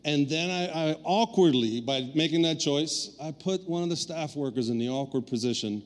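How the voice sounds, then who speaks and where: A man's voice: mid-range voice, moderate pace, slight background noise. A man preaching a sermon as pastor, telling a personal story with playful acted-out asides before turning earnest. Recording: reverberant hall.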